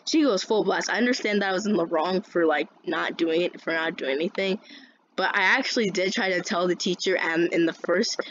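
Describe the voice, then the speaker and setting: A woman's voice: lowish voice, a little fast, fairly bright tone. A woman vlogger telling a story as a casual rant, rambling and swearing a lot, with many restarts. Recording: dull lo-fi sound with faint noise.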